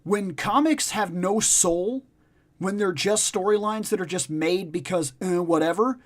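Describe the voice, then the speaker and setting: A man's voice: sits high, measured pace. A man hosting a casual discussion chat, emphatic and profane, repeating his points for stress. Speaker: podcast host.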